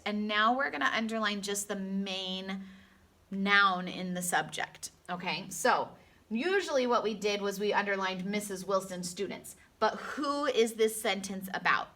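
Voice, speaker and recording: A woman teaching a phonics lesson to young children in a slow, sing-song teacher voice, stretching out sounds and adding playful asides. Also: medium pitch. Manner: animated, with gasps and playful asides. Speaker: elementary school teacher.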